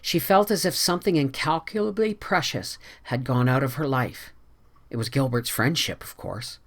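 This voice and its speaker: A reader giving a measured, expressive narration of a classic novel. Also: mid-range voice. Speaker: audiobook narrator. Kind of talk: scripted narration.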